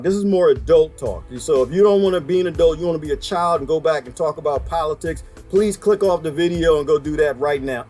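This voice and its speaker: A man's voice: on the high side, a little mellow. A man delivering a heated, preachy rant straight to his viewers, firing off rhetorical questions. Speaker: video blogger. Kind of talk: ranting monologue to viewers.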